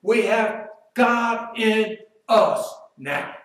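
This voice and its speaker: Echoey, high-voiced man preaching a sermon. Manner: emphatic, rises loud when quoting Job, drops quiet and slow to reflect. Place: church sanctuary. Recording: very echoey room, voice from far off.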